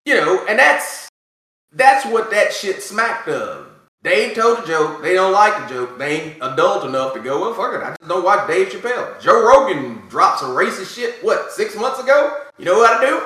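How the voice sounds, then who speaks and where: Animated, high-pitched ranting man. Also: normal speed. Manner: profane, animated ranting with mocking asides. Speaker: podcast co-host. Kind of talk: casual chat. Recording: echoey room.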